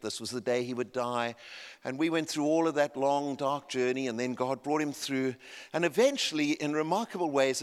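A man in his fifties preaching a sermon, telling a family story and building to loud, emphatic peaks. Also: medium pitch. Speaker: pastor. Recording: long hall reverb.

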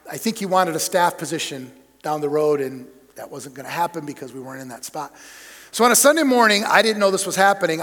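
A man's voice: a little high, fairly bright tone. A middle-aged man, a church superintendent, preaching a leadership talk with emphatic, punchy delivery. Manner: emphatic preacher, punchy lists, acted-out anecdotes. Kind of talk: sermon-style leadership talk. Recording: long hall reverb.

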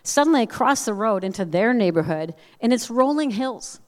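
A woman speaker giving a personal storytelling message with animated, self-deprecating humor, acting out the voices of people in her story. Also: fairly high pitch, normal speed. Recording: long reverb of a large hall.

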